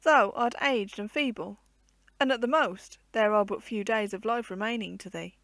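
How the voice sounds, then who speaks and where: A woman's voice: medium pitch, normal speed, a bit bright, no echo, close to an everyday voice. A woman voicing a pleading male water spirit who plays the harp and longs for a human soul, in earnest old-fashioned storybook speech.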